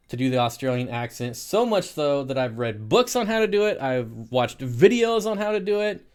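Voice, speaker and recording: A man's voice: medium pitch, sing-song, normal speed, few pauses, clean tone. Casual man hosting a live stream. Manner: chatty, answers viewer comments with frequent laughs. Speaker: aquarium live stream host.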